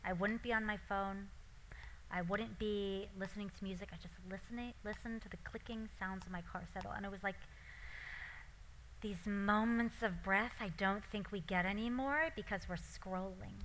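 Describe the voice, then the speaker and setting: A woman's voice: medium pitch, steady tone, normal speed, a bit bright, a little hiss or hum, rough recording. A woman, an author and actor, talking casually with many likes and ums, then reading aloud from her own memoir.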